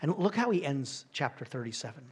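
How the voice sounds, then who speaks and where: A man's voice: mid-range voice, big pitch swings, a little fast, slightly rough. A man preaching a sermon as pastor, in a dramatic, emphatic style.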